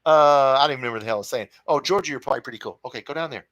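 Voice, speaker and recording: A man's voice: medium pitch, racing, fairly bright tone, no room sound, low-quality recording. A man hosting a fan livestream, reading viewer comments and answering in blunt, profane, fired-up casual talk, calling people brother and dude. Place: home room with his cat nearby.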